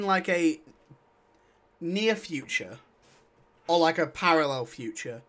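A man's voice: a little high, fairly bright tone. A man co-hosting a podcast, chatting casually about films in a blunt, joking and profane way. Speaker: podcast co-host. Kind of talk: casual chat.

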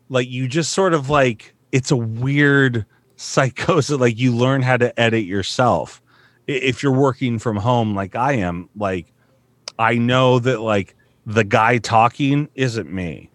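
A man's voice: mid-range voice, slow, dry recording. A man in his thirties who works as a voice actor, chatting casually in a rambling, profane, self-mocking way. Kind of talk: casual podcast chat. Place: home studio.

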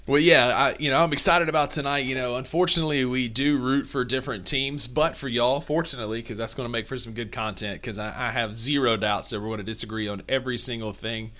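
A man's voice: medium pitch, steady tone, fast, few pauses, sharp tone. A young man with a north Mississippi Southern accent, co-hosting a casual sports podcast with playful trash talk. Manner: playful trash talk, long enthusiastic lists. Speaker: podcast co-host.

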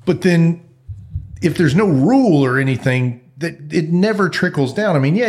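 A man co-hosting a podcast in casual chat, hedging and thinking aloud as he talks. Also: mid-range voice. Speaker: podcast co-host.

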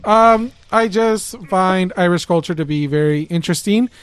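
A man's voice: sits high, normal speed, clean tone. A man co-hosting a podcast, joking and rambling with restarts in casual banter. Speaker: podcast co-host.

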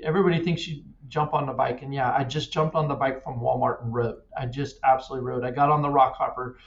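A man's voice: mid-range voice, steady tone, fast talker. A middle-aged man from Kansas, a cyclist guest, telling his story earnestly, often repeating words. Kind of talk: casual interview. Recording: echoey distant dull-sounding mic.

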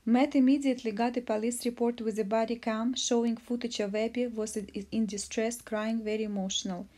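Halting woman narrating a case recap. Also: on the high side, steady tone, mellow. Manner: halting, with slips and restarts. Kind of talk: reading a case recap aloud.

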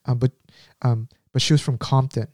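A man talks through memories in a relaxed, mellow voice, dry and close. His speech wanders with frequent fillers and restarts. He slips into quick character impressions as he goes. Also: medium pitch, no echo. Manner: rambling, filler-heavy storytelling with impressions. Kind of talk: casual conversation.

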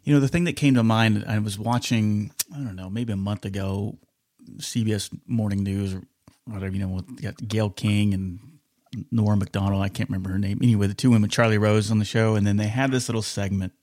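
Podcast host, man, lower register, halting and rambling, dry close sound. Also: fairly even intonation, darkish tone, no room sound. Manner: rambling, searching for words with many restarts; reads sponsor ad quickly. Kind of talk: conversational interview.

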